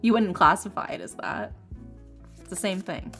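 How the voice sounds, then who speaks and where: A woman streamer and ASMR creator chatting casually with her viewers, animated and opinionated, laughing often. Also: mid-range voice, normal speed. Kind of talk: casual chat on a livestream. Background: faint lofi music.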